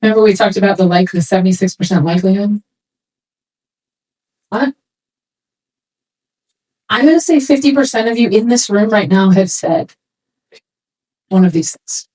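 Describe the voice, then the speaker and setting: A woman speaking to a room of swimming parents in a casual, animated way, acting out quoted remarks as she goes. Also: mid-range voice, moderate pace, long pauses, low-quality recording. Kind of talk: talk to a parents' session.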